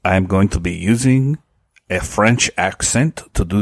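A man co-hosting a podcast, giving measured advice in casual talk. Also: fairly low pitch. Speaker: podcast co-host.

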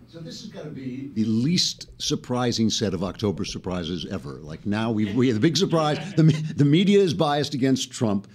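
A man's voice: medium pitch, big pitch swings, moderate pace, hardly any pauses, a little mellow. A man hosting his own political comedy show, delivering a satirical monologue in a sardonic manner. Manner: sardonic, breaks into laughter.

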